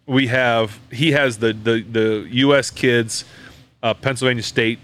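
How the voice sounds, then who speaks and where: Man telling a lively family story. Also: medium pitch, unhurried, smooth. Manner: animated, acts out quoted voices, many fillers and restarts. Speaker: podcast host. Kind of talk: casual storytelling chat. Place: brewery.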